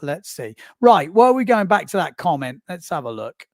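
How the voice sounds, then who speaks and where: A man hosts a live stream from a small booth and chats casually as he reads out viewer comments. His voice sits a bit high, and the close mic gives a dry sound with no room echo. He laughs easily and pokes fun at himself. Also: sing-song, normal speed. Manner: chatty, self-mocking, laughs often.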